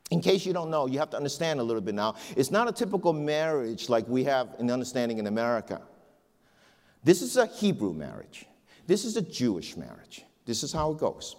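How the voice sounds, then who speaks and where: A middle-aged male pastor telling a joke and preaching in a church, as an animated storyteller who repeats words. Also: mid-range voice, brisk. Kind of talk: sermon with a joke. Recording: long church hall reverb.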